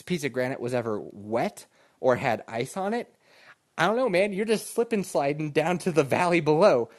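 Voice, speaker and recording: Laid-back man telling a story, lively pitch. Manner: laid-back, laughing, says "man" a lot. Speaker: podcast host. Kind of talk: casual storytelling monologue.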